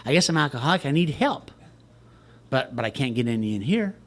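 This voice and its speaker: A man's voice: mid-range voice, big pitch swings, a little fast. An older man from Texas, telling his personal recovery story to a group in a wry, self-mocking way. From Texas, USA. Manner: wry, joking storyteller who laughs at himself. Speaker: recovery speaker at a retreat.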